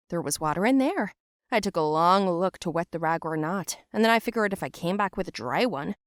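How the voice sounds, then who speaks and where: A young woman giving scripted first-person narration for an animated story, in a plain, matter-of-fact way. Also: lowish voice, no room sound, studio quality.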